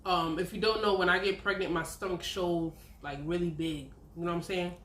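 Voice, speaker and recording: A woman's voice: lowish voice, fairly even intonation, fairly quick, a bit bright. A woman, telling a candid, profane personal story on her vlog. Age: 30s. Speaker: vlogger. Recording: roomy echo.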